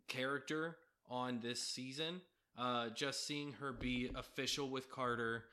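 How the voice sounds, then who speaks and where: A man's voice: mid-range voice, pushed and bright. A young adult man co-hosting a casual podcast, easygoing and agreeable, filling with "like" and "um". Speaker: podcast co-host. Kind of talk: casual chat about a reality show.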